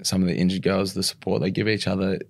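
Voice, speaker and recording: A young man, a rugby league player and coach, chatting casually in an interview with a relaxed, rambling manner full of restarts. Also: low voice, fast talker, gravelly, no room sound, clean studio sound. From Australia.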